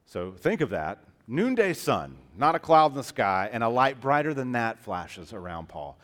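A man preaching a sermon as pastor, with impassioned delivery that swings from hushed tones to loud emphasis and calls the listeners beloved and dear friends. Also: mid-range voice, big pitch swings, moderate pace.

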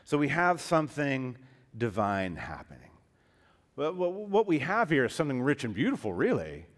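A man preaching a sermon as pastor, with impassioned delivery that swings from hushed tones to loud emphasis and calls the listeners beloved and dear friends. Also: medium pitch, wildly swooping pitch, normal speed.

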